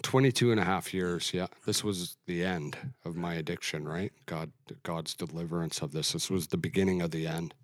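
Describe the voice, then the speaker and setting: Earnest low-voiced man telling his story. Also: no echo, clean studio sound. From Alberta, Canada. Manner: earnest, reflective, halting with restarts. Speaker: guest sharing testimony. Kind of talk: personal testimony in interview.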